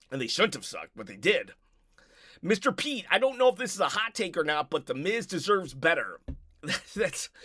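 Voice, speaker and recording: A man's voice: fairly high pitch, sharp tone, dry recording, clean studio sound. A man hosting a casual live stream, rambling and reading viewer comments aloud, a bit out of breath.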